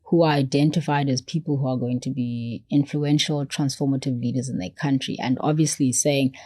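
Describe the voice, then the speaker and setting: A woman from South Africa chats as a podcast guest, her voice low and warm. She tells stories with animation and drops into playful voices for quotes. The sound is dry and close. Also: fairly even intonation, fairly quick, no room sound. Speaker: podcast guest, foundation CEO. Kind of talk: animated conversational storytelling.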